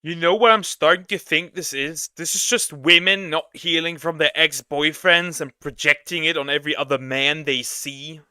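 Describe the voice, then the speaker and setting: A man's voice: on the high side, steady tone, normal speed, hardly any pauses, clear, resonant tone, dry recording, studio quality. A man reacting to videos as a streamer, casual, crude and swearing. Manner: crude, swearing, bursts of loud laughter.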